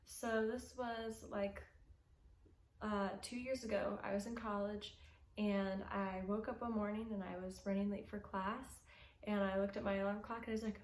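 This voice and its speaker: A young adult woman telling a personal story in a casual, animated way and acting out quotes with big pitch jumps. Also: moderate pace. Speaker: youth ministry segment host. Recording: echoey room with faint noise.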